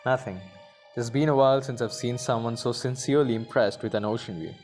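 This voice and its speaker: A man's voice: medium pitch, fairly quick, a little mellow, faint music behind, lightly acted. A man voicing a cocky, roguish male adventurer who teases his companions in a story game. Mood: teasing. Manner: smug, teasing banter.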